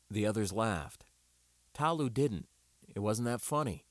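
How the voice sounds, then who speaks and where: A man narrating an audiobook with a wry, expressive reading. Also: lowish voice, unhurried, long pauses, dry recording.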